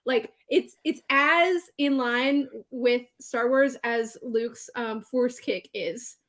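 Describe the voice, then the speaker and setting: High-voiced woman co-hosting a chat. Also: takes it slowly, fairly bright tone. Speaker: co-host. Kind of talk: casual chat.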